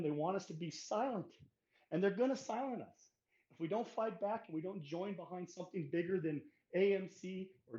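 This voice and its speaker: A man's voice: a little high, a little mellow. A man delivering an angry, impassioned rant on a podcast, swearing heavily. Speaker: guest speaker. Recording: echoey, muffled audio.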